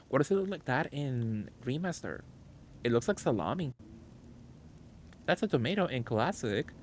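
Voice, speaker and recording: A man's voice: medium pitch, slight background noise. A man streaming a game live, chatting casually, greeting viewers and rambling in asides. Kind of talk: casual live gameplay commentary.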